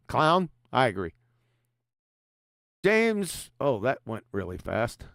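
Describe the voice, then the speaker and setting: A man's voice: fairly high pitch, big pitch swings, takes it slowly, dry recording, clean studio sound. A man hosting a livestream, mocking his opponent with profanity and reading super chats aloud with frequent laughs. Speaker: livestream host.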